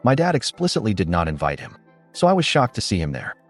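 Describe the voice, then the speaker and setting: A man giving scripted first-person narration of a story in a steady, animated storytelling delivery. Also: lowish voice, fast talker. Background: faint background music.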